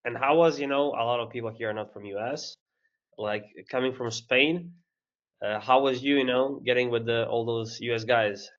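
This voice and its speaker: A man asks informal, loosely phrased interview questions at a middle pitch. The audio is a little dull and lo-fi. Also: fairly even intonation, moderate pace, a bit bright. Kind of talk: casual interview.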